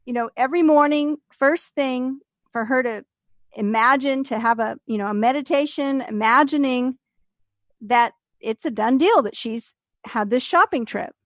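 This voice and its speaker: A woman with a high voice chats casually on a podcast and retells a story with lively energy. She acts out the people in it and laughs along. Her voice is close and dry, with no room sound. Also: normal speed, no echo. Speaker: podcast co-host.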